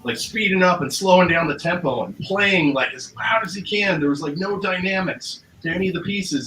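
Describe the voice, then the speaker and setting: A man's voice: high-pitched, very animated, brisk, sharp tone. A man, a musician guest, telling a story casually in a rambling way, with many fillers and acted-out quotes. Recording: roomy, noisy recording.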